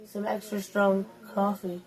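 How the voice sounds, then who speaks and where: A woman's voice: mid-range voice, level tone, a little slow, darkish tone, rough recording. A woman hosting a casual story time, telling crude, rambling stories among friends. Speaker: host.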